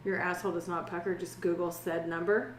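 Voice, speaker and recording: A woman's voice: lowish voice, level tone, brisk, a crowd in the background. A young woman co-hosting a podcast, chatting casually and reacting to the story with disbelief. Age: young adult. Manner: reactive, incredulous interjections. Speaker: podcast co-host. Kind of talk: casual chat. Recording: roomy echo, faint background noise.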